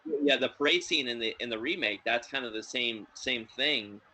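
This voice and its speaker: A man's voice: mid-range voice, moderate pace, low-quality recording. A man hosting a podcast, chatting casually about films in a rambling way, full of fillers. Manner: rambling, filler-heavy, excitable. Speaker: podcast host. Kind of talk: casual film review chat.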